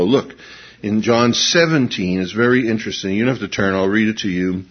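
A husky, low-voiced male pastor in his fifties delivers a sermon, dropping to near-hushed intensity and then lifting into animated storytelling. The recording sounds dull and lo-fi. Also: a little fast. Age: 50s.

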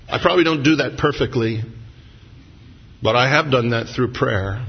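Male pastor, gravelly tone, storytelling sermon, muffled lo-fi recording with hall reverb. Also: fairly high pitch, normal speed. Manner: storytelling with humor, then earnest and reflective.

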